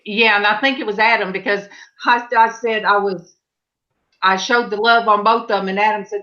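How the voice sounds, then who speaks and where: A woman's voice: mid-range voice, moderate pace, bright, forceful tone. Middle-aged woman host, chatty and rambling, heard through dull lo-fi video-call audio. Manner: rambling storyteller, trails off with fillers and restarts. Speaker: host of a live panel chat. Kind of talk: casual chat.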